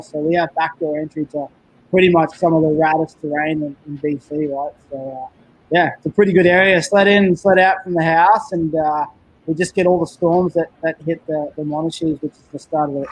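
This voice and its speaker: Aussie guy on a remote podcast call, highish voice, chill and upbeat, slangy. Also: rough recording. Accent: Australian. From Australia. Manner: laid-back, upbeat surfer slang. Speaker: podcast guest, backcountry snowmobiler. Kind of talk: casual chat.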